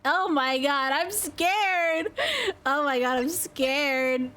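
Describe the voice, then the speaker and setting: A woman streaming a video game, reacting in an excitable, emotional way and swearing often. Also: sits high, slow. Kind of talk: live game commentary. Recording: stream with game music behind.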